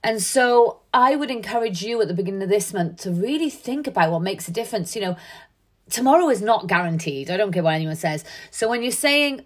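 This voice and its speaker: A woman's voice: medium pitch, lively intonation, a little fast. A middle-aged woman, giving an earnest, conversational motivational talk full of fillers. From Wales. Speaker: podcast host. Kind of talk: motivational monologue.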